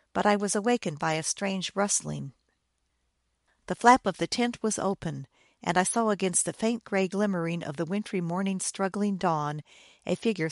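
A woman narrates a first-person story in a measured, grave way, her voice sitting a little low. The recording is close and dry, with no room sound around her. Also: no room sound. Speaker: audiobook narrator.

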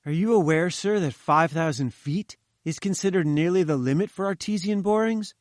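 A man's voice: sits high, moderate pace, dry recording, clean studio sound, pitched above the performer's own voice, lightly acted. A man voicing a polite, earnest male engineer in an audiobook reading.

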